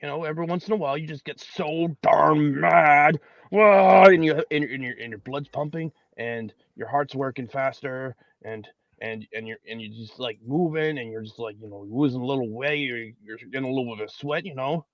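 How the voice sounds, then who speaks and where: A man's voice: mid-range voice, fairly quick, hardly any pauses, no room sound, lo-fi sound. Folksy stammering podcast co-host man. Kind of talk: casual podcast chat.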